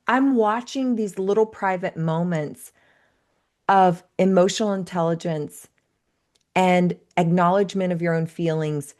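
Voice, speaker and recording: A woman's voice: mid-range voice, steady tone, measured pace, darkish tone. A woman in her thirties, a life coach and podcast guest, speaking in an earnest, reflective way. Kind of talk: conversational interview.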